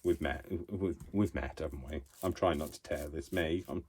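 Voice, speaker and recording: A craft vlogger with a deep, rumbling voice, slightly rough and darkish, chats at a moderate pace in his home craft room. He rambles, pokes fun at himself, and talks to himself as he works.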